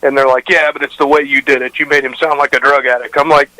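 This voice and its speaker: Man, radio host, rambling storyteller, bright forceful tone, casual interview. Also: medium pitch, level tone, quick pace, no echo, low-quality recording. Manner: rambling anecdotes with frequent restarts and fillers. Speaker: radio show host, guest.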